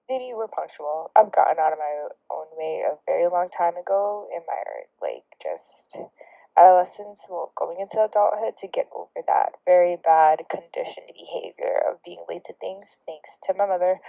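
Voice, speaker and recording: Sarcastic young woman with a gravelly voice. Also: on the low side, dry recording. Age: young adult. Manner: sarcastic, drawling asides with frequent laughs; drops into hushed, whispery remarks. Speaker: vlogger. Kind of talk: casual storytelling monologue. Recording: dry, dull lo-fi recording.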